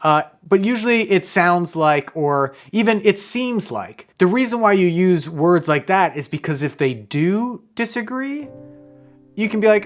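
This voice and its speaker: A man's voice: high voice, lively intonation, unhurried, soft background music. Man explaining casually with tangents. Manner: rambling, conversational, off-hand swearing. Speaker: host, comedian.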